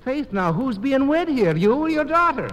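An earnest young Irish suitor. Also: male voice, very high-pitched, very animated, moderate pace, fairly bright tone, heavily acted. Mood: combative. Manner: earnest, hot-headed brogue. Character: ardent young Irish railroad man, hot-headed. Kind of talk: 1940s radio acting. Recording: old radio broadcast with long reverb.

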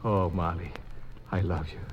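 An earnest young Irish suitor. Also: male voice, a little high, very animated, normal speed, lo-fi sound, a little hiss or hum. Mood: tender. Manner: earnest, hot-headed brogue. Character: ardent young Irish railroad man, hot-headed. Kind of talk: 1940s radio acting. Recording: old radio broadcast with long reverb.

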